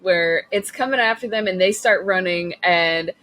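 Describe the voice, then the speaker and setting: A woman co-hosting a podcast who chats casually about a movie with quick interjections. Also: on the low side, a bit bright. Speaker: podcast co-host. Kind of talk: casual movie review chat.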